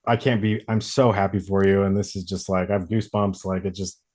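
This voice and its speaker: A man's voice: low voice, little pitch movement, fairly quick, darkish tone. A man co-hosting a podcast in casual chat, rambling through his thoughts with fillers and trailing sentences. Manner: rambling, full of fillers and restarts. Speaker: podcast co-host.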